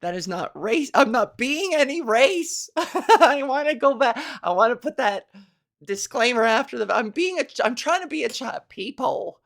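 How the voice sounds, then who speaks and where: A woman's voice: high-pitched, expressive, normal speed. A woman comedian hosting a solo podcast, rambling and self-mocking, with lots of fillers.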